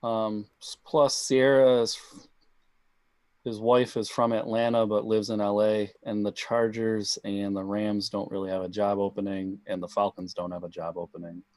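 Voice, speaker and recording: A man co-hosting a casual sports podcast, giving quick opinions and reasoning them through. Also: lowish voice, level tone, a little mellow, dry recording. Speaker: podcast co-host.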